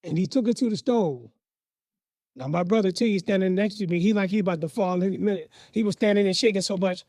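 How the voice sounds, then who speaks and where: A man's voice: sits high, dry recording, clean studio sound. A man telling a personal story from his childhood in a vivid, dramatic way. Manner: animated, vivid, dramatic pauses.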